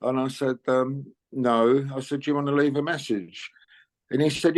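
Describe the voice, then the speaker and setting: An older man tells stories in a relaxed interview. He rambles a little, drops in "you know" often, and chuckles along the way. His voice sits at an ordinary middle pitch. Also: moderate pace. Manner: chatty, anecdotal, laughs often, many "you know"s. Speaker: interviewed musician. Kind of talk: casual storytelling interview.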